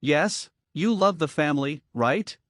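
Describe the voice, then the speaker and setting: A man's voice: fairly high pitch, animated, unhurried, fairly bright tone, dry recording, clean studio sound. A man voicing a cold, commanding father who speaks in a strange, controlled tone.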